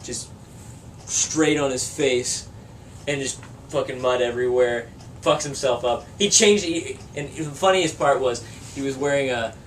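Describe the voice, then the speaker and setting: A young man from a band talks unhurriedly in a mid-range voice, telling a long, profanity-laced story during an interview and laughing throughout. The recording uses a distant mic and carries a little room noise.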